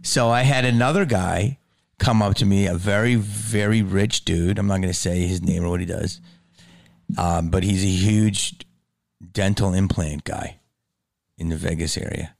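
A middle-aged man chatting casually on a podcast, telling animated, profane stories and dropping his voice low for asides. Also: moderate pace, vocal fry, dry recording, clean studio sound. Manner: swearing, animated storyteller who drops low for asides. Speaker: guest comedian.

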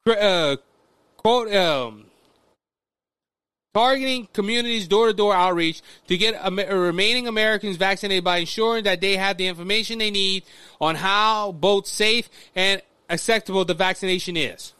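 A man's voice: high-pitched, moderate pace, pushed and bright, clean tone, no room sound. A man from Louisiana, hosting a political commentary podcast, stumbling through restarts and addressing listeners as folks. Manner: repetitive restarts, talks straight to listeners as folks. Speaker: podcast host.

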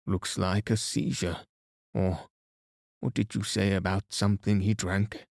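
A man reading aloud as a brisk, guarded middle-aged doctor at a desert camp. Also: sits low, flat delivery, creaky, no room sound, clean studio sound. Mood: startled. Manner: brisk and startled.

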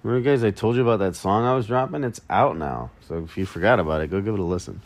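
Low-voiced man rambling casually. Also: fast talker, dry recording. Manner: rambling, self-mocking, jokey asides. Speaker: podcast host. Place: at home early morning.

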